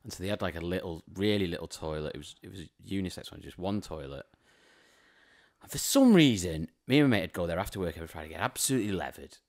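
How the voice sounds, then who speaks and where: A man's voice: low voice, expressive, quick pace. A man, co-hosting a comedy podcast, telling crude stories in casual banter and laughing often. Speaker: podcast co-host.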